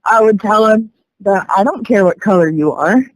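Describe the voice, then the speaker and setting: A woman's voice: mid-range voice, moderate pace, dry recording, rough recording. Feisty young woman, dry close sound. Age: young adult. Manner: feisty, stubborn comebacks. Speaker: podcast co-host. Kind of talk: casual chat.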